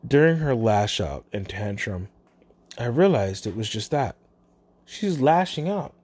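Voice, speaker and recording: Animated vlogger, parent, casual storyteller; mutters then exclaims, middle-pitched and very lively. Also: measured pace, breathy edge. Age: adult, parent.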